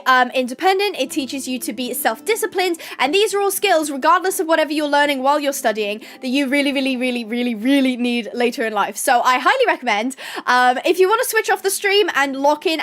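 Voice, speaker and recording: A young woman hosts a casual livestream from her bedroom in a high-pitched, slightly bright voice. Bubbly and chatty, she reads chat messages aloud and laughs often.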